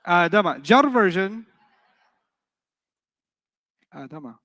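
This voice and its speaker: Guy teaching arabic class live, kinda high voice, jokes around a lot n quizzes ppl. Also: lively intonation, slow, sharp tone, big-room sound. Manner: playful, joking, quizzes the class.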